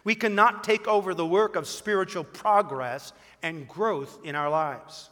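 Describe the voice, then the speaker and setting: A man's voice: high voice, measured pace, fairly bright tone, big-room sound. A man who is a pastor, preaching a sermon emphatically with rhetorical questions and a personal story.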